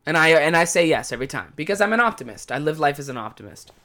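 A man riffing alone on his podcast in an exasperated, swear-heavy comic rant. His voice is bright and cutting, and his pitch swings widely as he works himself up. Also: sing-song, fast talker. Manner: profane, exasperated comic ranting. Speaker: podcast host. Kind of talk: casual podcast monologue.

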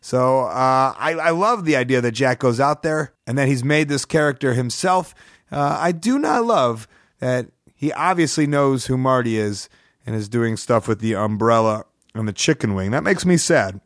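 A man's voice: mid-range voice, lively intonation, moderate pace, no room sound, studio quality. A man hosting his own podcast in a casual, rambling monologue, speaking from his apartment while sick with a cold. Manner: chatty, rambling, upbeat plugs. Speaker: podcast host. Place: studio apartment.

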